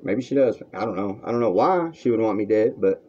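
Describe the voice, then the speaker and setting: A man with a lowish, slightly mellow voice speaks briskly with lively intonation. In his vlog, he rants crudely and heatedly to the camera, rambling from a room at home on a dull lo-fi recording.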